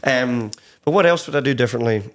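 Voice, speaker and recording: Young scottish guy talking loose, lots of "like", swears a bit, mid-pitch voice. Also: fast talker. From Scotland. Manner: rambling, swears casually, lots of "like". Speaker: guest, country songwriter. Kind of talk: casual interview chat. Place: studio.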